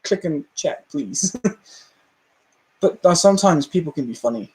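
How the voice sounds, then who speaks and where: A man with a British accent and a notably high-pitched voice hosts a casual live stream. He rants in a chatty way, laughs often, and acts out the people in his stories. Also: expressive, unhurried. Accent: British English.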